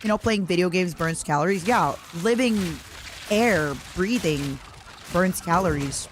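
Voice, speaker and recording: Her voice sits on the low side and moves a little slowly, with slight background noise. She's a young woman gaming on a livestream, rambling casually, reading out chat, and replying to her viewers.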